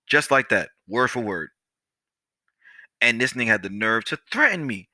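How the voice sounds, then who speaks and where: A young man hosting a podcast, telling a story in a casual, animated, profane way and talking straight to his listeners. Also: medium pitch, moderate pace, pauses often, no echo. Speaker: podcast host.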